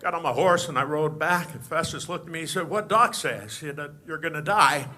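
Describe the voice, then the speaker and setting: A man doing an impression of a stammering, folksy old-time film actor, telling a tall tale with a halting, drawling delivery. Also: fairly high pitch, noisy background, natural voice.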